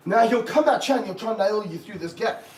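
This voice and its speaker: A man keeping snakes, talking through a live stream as he handles one, with excited bursts and low muttered asides. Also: fairly quick, a crowd in the background. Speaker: snake keeper. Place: room of snake enclosures, indoors. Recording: roomy, from a distance, faint background hum.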